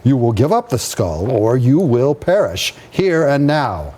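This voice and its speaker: A stern female spirit voice, put on by a man, slow, measured, commanding, tabletop game. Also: mid-range voice, big pitch swings, mellow, a little hiss or hum.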